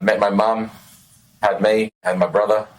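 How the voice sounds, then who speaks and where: A man's voice: lowish voice, little pitch movement, unhurried, poor audio. A man with an Australian accent hosting a podcast, bantering and laughing often. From Australia, also New Zealand and Los Angeles. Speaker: podcast host. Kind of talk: casual interview chat.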